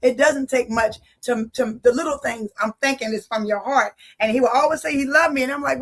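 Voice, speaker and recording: A woman's voice: on the high side, fairly even intonation, a little fast. A woman giving a personal faith testimony, telling her story vividly and speaking straight to her listeners like a preacher. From Philadelphia. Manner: vivid storyteller, acts out dialogue; preacherly, addresses audience directly.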